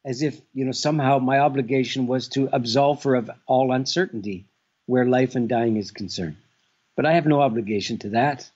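A man speaks in a husky, breathy voice, turning each thought over slowly with drawn-out pauses. He answers from home over a dull, muffled call line that dulls the top end. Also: mid-range voice, a little mellow. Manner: measured and contemplative, with stretched pauses. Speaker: guest author. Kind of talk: reflective interview answers.

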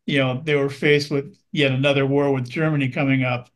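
A man reviewing films in a measured, earnest way, with many small ums and uhs. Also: medium pitch, little pitch movement. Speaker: film critic. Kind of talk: film review chat.

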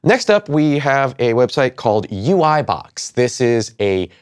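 Male co-host, smooth clear voice, dry close sound, lowish, upbeat, jokey. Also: big pitch swings, measured pace, no echo. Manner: upbeat and joking. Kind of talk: casual tech news show.

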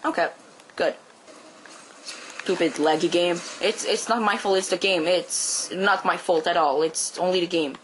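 A man from Quebec with a Quebec French accent, a native French speaker, giving casual gameplay commentary and bursting into high yelps and swearing. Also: steady tone, unhurried, a little hiss or hum, rough recording. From Quebec, Canada.

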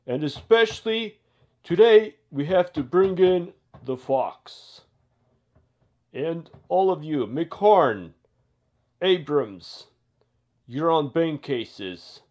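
A man's voice: on the high side, expressive, extremely slow, pauses often. A man voicing a stern male police chief in a toy play video, barking orders. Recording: dull lo-fi sound.

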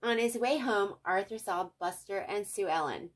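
An older woman reading a children's picture book aloud as a storyteller, gently speaking to young listeners. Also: mid-range voice, moderate pace. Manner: gentle, warm, child-directed.

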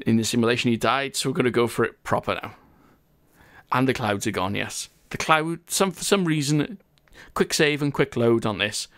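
A man giving casual, chatty gameplay commentary, laughing often as he reads viewer comments. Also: medium pitch. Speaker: gaming channel host.

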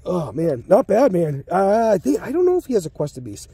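A man's voice: high voice, wildly swooping pitch, brisk, gravelly, warm tone, slight background noise. A sick man talking casually and a bit crudely as he opens card packs at home, breathing hard and short of breath. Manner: rambling, crude, muttering under his breath. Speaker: card-opening channel host. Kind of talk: casual pack-opening commentary. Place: home basement room.

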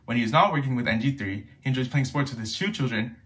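Fast-reading young man. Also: mid-range voice, lively intonation, fairly bright tone. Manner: formal, reads quickly. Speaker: senior class secretary. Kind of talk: speaker introduction.

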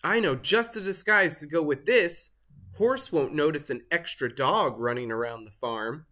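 A storybook reader voicing an excitable male turkey with a high squawky gobbling voice. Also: normal speed, close to an everyday voice. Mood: eager. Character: excitable male turkey who loves secret valentines. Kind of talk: storybook read-aloud.

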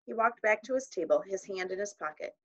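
A woman narrates a children's novel aloud in a measured storytelling manner, with voices for its characters. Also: mid-range voice, lively intonation, a bit bright, muffled recording. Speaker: audiobook reader.

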